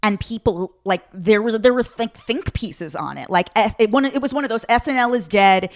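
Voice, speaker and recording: A woman hosting a podcast, asking her guest questions in a quick, eager way. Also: on the high side, expressive. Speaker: podcast host. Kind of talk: interview conversation.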